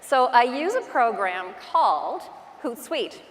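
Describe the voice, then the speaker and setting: A woman's voice: on the high side, big pitch swings, takes it slowly, fairly bright tone, long reverb tail. A woman with a Newfoundland accent giving a chatty, self-deprecating conference talk from a stage microphone. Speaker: real estate agent giving a conference talk. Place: large conference hall.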